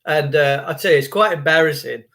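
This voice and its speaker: A man's voice: a little high, a little fast, vocal fry, fairly bright tone. A man telling a rambling story in a chatty, emphatic, repetitive way. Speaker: vlogger.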